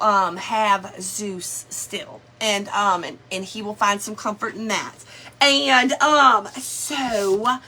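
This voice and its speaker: A middle-aged woman talks casually to her livestream viewers. Her voice sits a little high and sounds bright. She chats in a folksy way and greets people by name. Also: a little hiss or hum. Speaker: craft livestream host.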